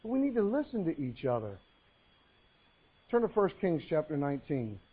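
A man with a notably high voice delivers a sermon, mixing folksy joke stories with scripture readings. The sound is thin and narrow, like it was captured over a phone line. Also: wildly swooping pitch, moderate pace, slightly rough. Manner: folksy storytelling with jokes and Bible reading. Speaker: pastor.

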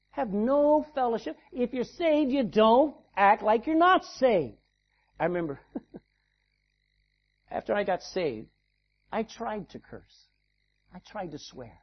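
A male pastor delivering an animated sermon, acting out little scenes and calling for amens. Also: sits high, husky, dull audio. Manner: animated preaching with acted-out asides.

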